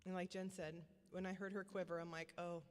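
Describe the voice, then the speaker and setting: A middle-aged woman giving a personal testimony as a parent, earnest and repetitive, often halting and restarting her sentences. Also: lowish voice, level tone. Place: church hall. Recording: long church hall reverb.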